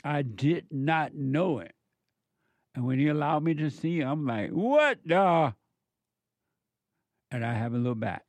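A man hosting a spiritual call-in radio show, talking in a slow, preachy way with repeated emphatic phrases. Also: mid-range voice, a little mellow, no room sound.

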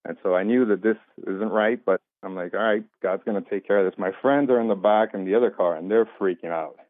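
A low-pitched man tells a personal story in a relaxed, conversational way, slipping into the voices of the people in it. His voice comes through a thin, phone-like line with a dry, close sound. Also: quick pace, no room sound. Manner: animated retelling, acts out quoted voices. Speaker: interview guest. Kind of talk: casual storytelling.

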